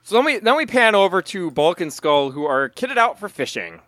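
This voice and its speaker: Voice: mid-range voice, big pitch swings, normal speed, fairly bright tone, no echo. A podcast co-host recapping scenes in casual chat, with dry, wordy phrasing.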